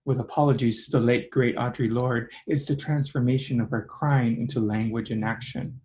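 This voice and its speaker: A man reading his own memoir piece aloud in a measured, rhythmic way. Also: mid-range voice, fairly even intonation, darkish tone. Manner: measured, rhythmic delivery of lists and images.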